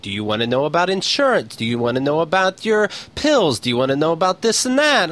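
A man's voice: a little high, sing-song, fast, few pauses, fairly bright tone. A man co-hosting a casual comedy podcast, ranting with exaggerated impressions of phone menus. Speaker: podcast co-host.

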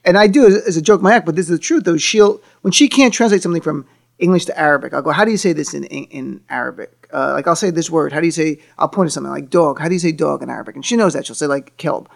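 A man in casual conversation, telling animated stories and acting out the people in them. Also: fairly high pitch, very fast, gravelly. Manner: animated storyteller, acts out quotes. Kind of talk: casual chat.

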